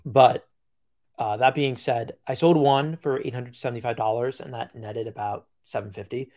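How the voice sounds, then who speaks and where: A man's voice: mid-range voice, steady tone, moderate pace, darkish tone. A man co-hosting a podcast, telling a joking story in casual chat with plenty of fillers. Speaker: podcast co-host.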